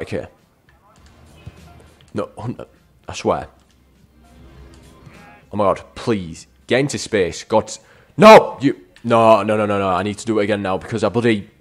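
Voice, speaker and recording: A man giving chatty let's-play game commentary, addressing viewers as lads and breaking into frustrated shouts at the game. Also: fairly low pitch. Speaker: gaming YouTuber.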